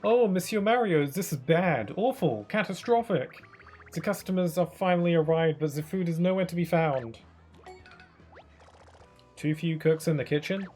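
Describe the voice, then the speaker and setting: A small, fussy Toad maître d' who puts on French airs and pleads dramatically. A streamer does the voice over a game's faint music, a touch higher than their own talk. The manner is grand and theatrical. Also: fairly even intonation, normal speed, long pauses, warm tone, lightly acted. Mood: dramatic pleading.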